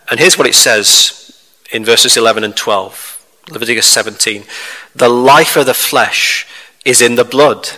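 A man preaching a sermon as a pastor, measured and emphatic, with rhetorical questions to his congregation. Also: mid-range voice, bright, forceful tone, big-room sound, poor audio. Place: church.

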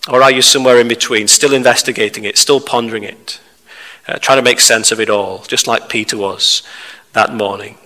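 In a reverberant hall, a man with a medium-pitched voice preaches a sermon. His delivery is measured and steady, and he puts questions to his listeners.

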